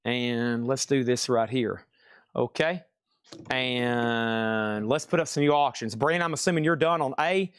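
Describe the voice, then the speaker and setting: Brisk man calling a live auction. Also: medium pitch, clear, resonant tone, no room sound, studio quality. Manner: fast bid-calling, chatty and upbeat. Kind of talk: live-stream record auction patter.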